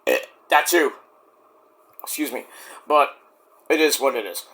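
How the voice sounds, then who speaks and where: Foul-mouthed guy ranting casually about wrestling, bright voice all over the place. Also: a little high, animated, unhurried. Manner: crude, profane, rambling, jokey. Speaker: wrestling show reviewer. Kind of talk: casual rant review.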